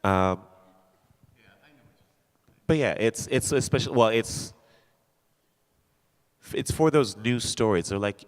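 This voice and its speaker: A man's voice: fairly low pitch, lively intonation, slow, pauses often. A man, an actor on a panel, speaking earnestly and encouragingly, often restarting phrases. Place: theater hall at a live talk. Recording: long reverb of a hall.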